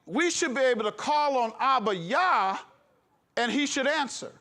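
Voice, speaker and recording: A man's voice: extremely high pitch, animated, normal speed, sharp tone. A man preaching a sermon with an impassioned, emphatic delivery, breaking into laughs. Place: congregation hall.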